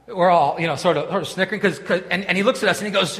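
A man's voice: high voice, brisk, pauses often, a bit bright. A man preaching a sermon in a church, telling a story with many restarts and asides. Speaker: pastor. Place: church sanctuary. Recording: long reverb of a church hall.

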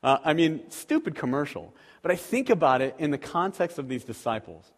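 Pastor, male, a bit high-pitched; chatty sermon full of rhetorical questions; long hall reverb. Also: big pitch swings, brisk. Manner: conversational, asks the audience rhetorical questions; acts out quoted voices animatedly.

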